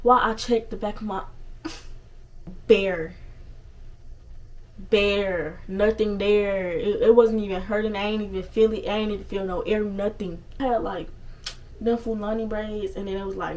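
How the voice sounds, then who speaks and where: A young woman telling a story casually on her vlog, animated and swearing freely, with lots of asides. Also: lowish voice, recorded from a distance, slight background noise, poor audio. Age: young adult. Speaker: storytime vlogger.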